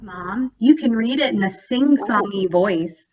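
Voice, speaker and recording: A woman coaching a mother during a play session, giving gentle encouraging prompts. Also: mid-range voice, expressive, unhurried, muffled recording. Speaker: early intervention coach. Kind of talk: coaching a parent.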